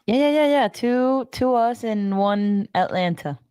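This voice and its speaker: Clear-voiced woman in quick fan chat. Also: a little high, animated, warm tone, dry recording, studio quality. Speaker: podcast co-host. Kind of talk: casual soccer fan chat.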